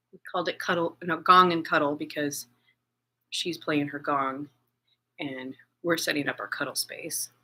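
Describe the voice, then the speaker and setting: A bright, forceful woman's voice, talking haltingly in a personal video journal with lots of fillers and restarts. She sounds shaken and anxious. She is middle-aged. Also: low-pitched. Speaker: vlogger.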